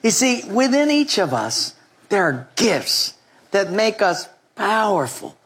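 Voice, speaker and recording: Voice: mid-range voice, very animated, takes it slowly, fairly bright tone, slightly rough. Pastor, sermon, comic storytelling, call-and-response with the congregation, mid-range voice. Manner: humorous storyteller, jokes with the congregation; leads call-and-response with the audience. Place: before a live congregation.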